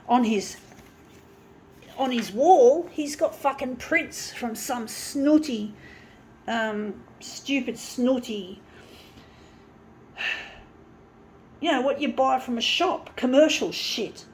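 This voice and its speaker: A woman with a high voice talks straight to her viewers in a casual monologue. She is blunt and profane, with a bitter, aggrieved edge, and she rambles through many false starts. A faint hum of room noise sits behind her. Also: slow pace, long pauses. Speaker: vlogger talking to viewers.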